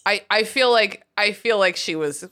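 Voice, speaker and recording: Bright-voiced woman podcast co-host. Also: medium pitch, normal speed. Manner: chatty, laughing, jokey asides. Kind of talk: casual book discussion podcast.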